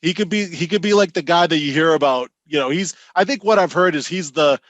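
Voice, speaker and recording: A man's voice: fairly high pitch, fairly quick, a bit bright, dry recording, dull audio. A man co-hosting a podcast, talking fantasy football in a loose, rambling way. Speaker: podcast co-host. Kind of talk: casual sports chat.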